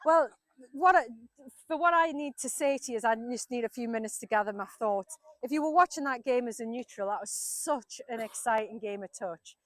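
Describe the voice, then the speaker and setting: A woman, likely a team coach, speaking in a thoughtful, measured way after a game. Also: fairly high pitch, expressive, dry recording, some chatter behind. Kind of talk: interview remarks.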